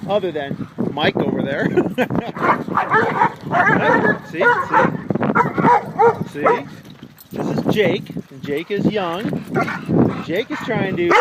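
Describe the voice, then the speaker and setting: A man running a dog daycare, chatting casually to the camera outdoors while he watches the dogs, talking to them and laughing often. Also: high-pitched. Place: outdoor dog play yard. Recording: loud outdoor background noise. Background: barking dogs, wind and passing traffic.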